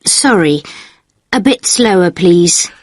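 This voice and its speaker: A woman's voice: lowish voice, lively intonation, slow, no echo, studio quality. A woman playing a polite hotel receptionist in a scripted exam dialogue, using a formal service tone. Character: courteous female hotel receptionist.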